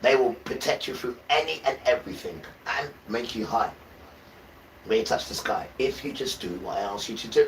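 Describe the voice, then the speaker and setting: A man's voice: mid-range voice, moderate pace, recorded from a distance, a little hiss or hum, low-quality recording. A man livestreaming an impassioned spiritual talk, urging his viewers directly in a preachy, urgent way. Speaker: livestream host.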